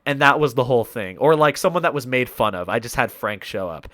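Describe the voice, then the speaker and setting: A man's voice: medium pitch, lively intonation, brisk, fairly bright tone, no room sound. A man hosting a podcast, telling a rambling story in casual chat. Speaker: podcast host.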